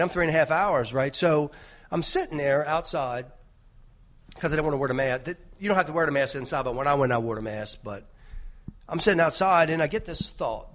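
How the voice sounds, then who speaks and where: Guy preaching loose and chatty, keeps tacking on "right?", slightly high voice. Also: a little fast, fairly bright tone. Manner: rambling, conversational, many restarts and "right?" tags. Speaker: lay preacher. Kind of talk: informal sermon storytelling.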